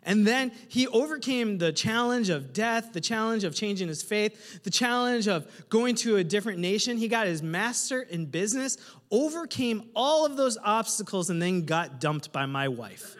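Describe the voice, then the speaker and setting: A male pastor preaching a humorous, animated sermon to his congregation, often putting questions to the listeners. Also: sits high, moderate pace. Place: church hall with a congregation. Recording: reverberant hall.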